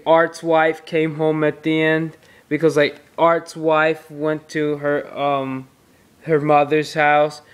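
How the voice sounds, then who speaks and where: A man casually reviewing a movie on tape, retelling the plot in a rambling way with restarts. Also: on the high side.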